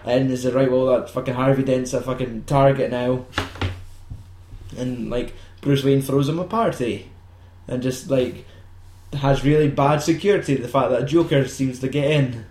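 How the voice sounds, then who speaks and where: A man's voice: medium pitch, steady tone, moderate pace, a little mellow, slight background noise. A man chatting casually about a film, swearing often, laughing and acting out lines in silly voices. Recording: roomy echo.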